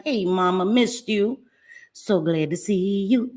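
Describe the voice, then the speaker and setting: A woman hosting a casual livestream, lively and affectionate, greeting viewers by name with pet names like sweetie pie. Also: mid-range voice, slow pace. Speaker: livestream host. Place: home in New Jersey.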